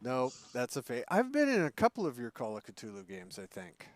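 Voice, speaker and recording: A man's voice: medium pitch, huge pitch swings, brisk. A man hosting a casual podcast, jokey and laughing often. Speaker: podcast host.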